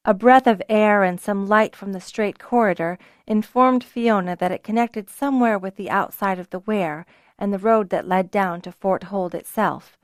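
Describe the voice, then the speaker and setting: Brief: woman narrator for a fantasy audiobook, even and clear, dry studio sound. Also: medium pitch, no room sound. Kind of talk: scripted narration.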